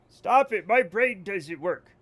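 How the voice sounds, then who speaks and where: Guy streaming a game live, high voice, jokey and excitable, swears a lot. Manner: excitable, joking, swears, laughs often. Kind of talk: live gameplay commentary.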